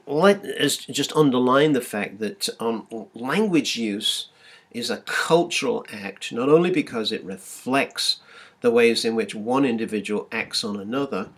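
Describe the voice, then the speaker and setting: Man giving a halting university lecture. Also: medium pitch, breathy edge. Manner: many fillers and restarts, chants sung out in a raised voice.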